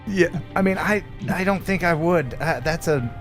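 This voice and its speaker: A man's voice: a little high, moderate pace, soft background music. A man from the United States hosting a casual live-stream chat show, joking and laughing often. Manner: jokey, laughs often, animated. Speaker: host.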